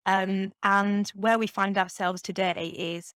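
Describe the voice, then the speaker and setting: Geordie businesswoman, confident interviewee, mid pitch, dry recording. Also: little pitch movement, slow, fairly bright tone, clear, resonant tone, no echo. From Newcastle, England. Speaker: brewery chief executive, guest.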